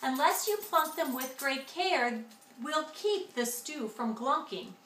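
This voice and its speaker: A pushy, carefree green glunk creature gabs away in rapid patter, swinging all over a bright, lively voice, as a woman puts him on. He runs on about himself with no care for anyone else. It is read aloud in an echoey room. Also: high voice, recorded from a distance, exaggerated voice. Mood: gabbing.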